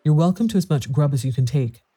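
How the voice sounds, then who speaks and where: A man's voice: a little high, lively intonation, fast, dark tone, breathy edge. A man doing a blunt, kindly fisherman.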